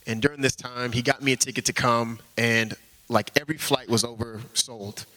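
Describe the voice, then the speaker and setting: A man's voice: medium pitch, steady tone, moderate pace, pushed and bright. A young man giving an earnest, informal testimony in church, peppering his talk with "like.". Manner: earnest, heavy use of "like" as filler.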